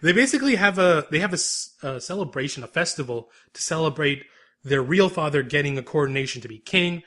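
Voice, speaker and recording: A man co-hosting a podcast, recapping an episode in a lively, rambling, casual chat. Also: a little high, brisk. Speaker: podcast co-host.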